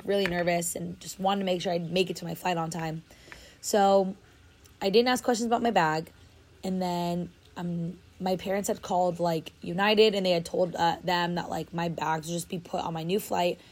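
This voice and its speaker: A woman's voice: on the low side, steady tone, moderate pace, darkish tone. Chatty young woman telling a story. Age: young adult. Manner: chatty, dramatic, many "like" fillers. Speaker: storyteller vlogger. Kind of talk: casual storytime. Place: outdoors, then moves indoors.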